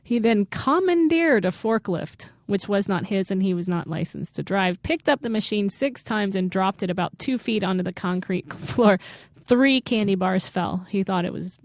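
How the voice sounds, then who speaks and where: A woman at a medium pitch reads out bizarre news items on a comedy podcast, steady and deadpan while her co-host reacts. Her voice is close to the mic, with a dry sound and no room around it. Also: moderate pace, few pauses, no echo. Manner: reads odd news items deadpan, laughing between them. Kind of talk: casual comedic news chat.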